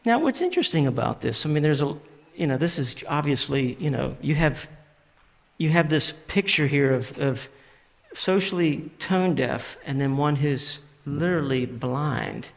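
Man, sermon, conversational preacher, somewhat high voice, gravelly fry, long hall reverb. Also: animated, normal speed. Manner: conversational preaching, paraphrasing scripture with fillers and restarts. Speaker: pastor.

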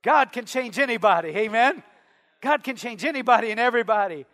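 A man preaching a sermon, quoting scripture and drawing out his key phrases with slow emphasis. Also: extremely high pitch, lively intonation, a bit bright. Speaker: pastor. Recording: long hall reverb.

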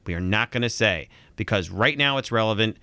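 Animated, bright-voiced male podcast host. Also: fairly low pitch, fairly quick, no echo. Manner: animated, rambling, acts out quoted lines. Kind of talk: casual chat.

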